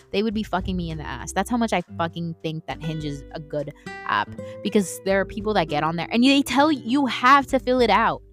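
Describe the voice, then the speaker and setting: Candid, foul-mouthed young woman ranting. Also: lowish voice. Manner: candid and heavily profane, ranting; animated, shifts into mocking outbursts. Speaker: podcast host. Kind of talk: solo podcast rant.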